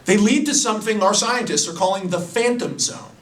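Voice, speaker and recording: A man's voice: high voice, animated, fairly quick, a bit bright, far from the mic. A man voicing a smug, scheming male billionaire villain who speechifies grandly. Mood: persuasive. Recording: roomy, away from the mic.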